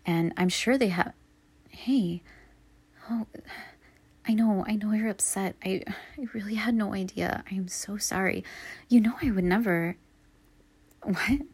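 A woman in a whispered role-play, soft and halting as she apologizes to an upset partner. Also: mid-range voice, slightly rough. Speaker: audio role-play performer playing a girlfriend.

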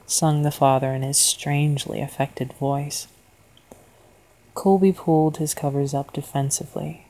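Brief: woman storyteller, slow and deliberate, low voice with a gravelly rasp. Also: fairly even intonation, poor audio. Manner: quiet and deliberate. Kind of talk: horror story narration.

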